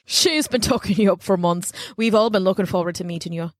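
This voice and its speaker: A woman's voice: medium pitch, fairly quick, dry recording, clean studio sound, close to an everyday voice. A woman voicing a stout, jovial village constable with folksy country speech. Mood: friendly.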